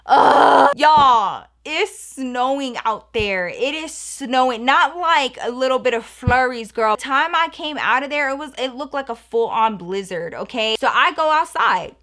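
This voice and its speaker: A young adult woman telling a story in a casual vlog, chatty and animated, talking straight to her viewers. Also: high voice, normal speed, hardly any pauses. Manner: chatty, animated, addresses viewers as girl and y'all. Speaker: storytelling vlogger.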